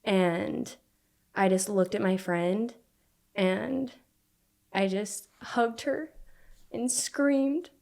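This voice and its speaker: A young woman from Utah speaks as a podcast guest, telling her story conversationally. She talks in halting bursts, leaning on "like" again and again. Her pitch sits in an ordinary middle range. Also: creaky, a little mellow. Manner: halting, filler-heavy speech with frequent "like".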